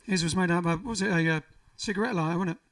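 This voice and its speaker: A man's voice: high voice, racing, fairly bright tone. A man hosting a band livestream from a living room, chatting casually and rambling as he reads out viewer comments. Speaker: band frontman and livestream host. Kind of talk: casual livestream chat between songs. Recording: voice a little far from the mic, faint music behind.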